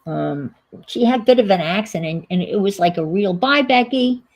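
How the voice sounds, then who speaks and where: A woman's voice: lowish voice, expressive, brisk, mellow, rough recording. A woman hosting a casual crafting stream, thinking aloud and rambling in a self-deprecating way as she works. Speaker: crafting livestream host. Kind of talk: casual chat while crafting.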